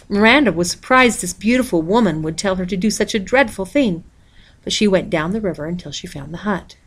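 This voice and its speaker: A woman reading a picture book aloud in a steady, expressive storytelling voice. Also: mid-range voice, brisk, husky. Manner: steady, expressive, reads page numbers aloud. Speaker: storybook reader.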